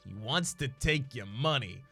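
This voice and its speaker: A man's voice: mid-range voice, animated, normal speed, bright, forceful tone, faint music behind. A man voicing a scheming talking necktie that eggs the hero on. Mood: sly. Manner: sly, egging on.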